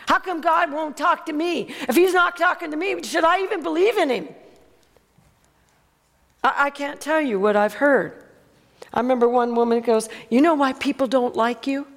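A woman delivers an emphatic sermon and keeps asking her congregation for an amen. Her voice sits high, and a long reverb trails after her words as if she is in a large hall. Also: normal speed, long pauses. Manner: emphatic, calls out for amens. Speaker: preacher.

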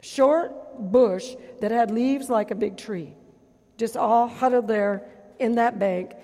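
A gravelly middle-aged woman preaching a testimony, animated and full of acted-out voices. Her voice rings with a long reverb, as if from a big hall. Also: a little high, slow pace. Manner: animated storytelling, acts out voices and gasps. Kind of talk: testimony sermon.

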